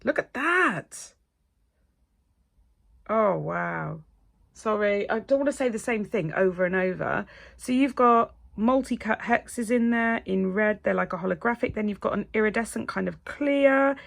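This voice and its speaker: Gushing woman with a gravelly edge. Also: medium pitch, normal speed. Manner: gushing, excitable, drops to breathy whispers. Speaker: nail technician. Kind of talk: casual unboxing chat.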